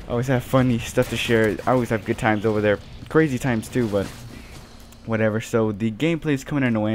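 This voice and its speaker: A teenage man telling a rambling story full of fillers over his gameplay, as host of his gaming channel. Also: fairly low pitch. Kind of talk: casual gameplay commentary.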